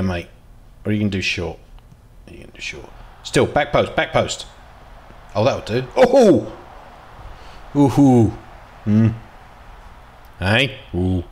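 A man giving casual, excitable commentary while playing a football management game, dropping to mutters and jumping to loud outbursts. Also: fairly low pitch, unhurried, pauses often. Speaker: gaming video host.

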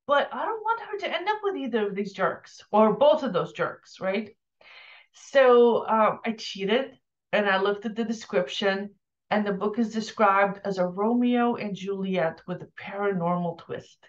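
A woman's voice: medium pitch, expressive, measured pace, lo-fi sound. A woman giving casual, opinionated book reviews, talking candidly with lots of fillers and restarts.

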